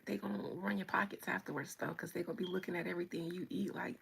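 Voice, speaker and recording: A woman's voice: fairly low pitch, level tone, quick pace, creaky, a bit bright, slight background noise. A woman hosting a livestream, chatting playfully with viewers and greeting them by name. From United States. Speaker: livestream host. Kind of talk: casual chat with viewers.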